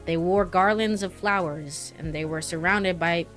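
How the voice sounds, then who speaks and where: In this let's-play clip, a young adult woman reads the game's text with giggles, stumbling on names and chatting as she goes. She speaks a little slowly in a lowish, fairly bright voice over quiet game music.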